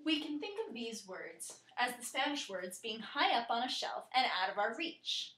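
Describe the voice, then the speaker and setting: A woman narrating a scripted lesson in a clear, steady way, slowing down to spell out and pronounce words. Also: on the high side, roomy sound. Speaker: teacher.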